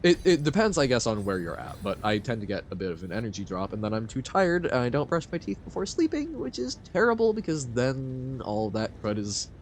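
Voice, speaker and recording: A man's voice: medium pitch, huge pitch swings, fairly quick, hardly any pauses, slight background noise. A man streaming a video game live, chatting casually with his viewers, rambling and often laughing. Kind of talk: casual chat while playing a game live.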